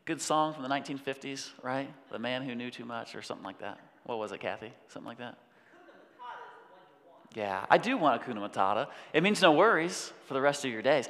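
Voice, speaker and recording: A man preaching a sermon in an animated way, breaking off to act out voices. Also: mid-range voice, brisk. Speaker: pastor. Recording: long hall reverb.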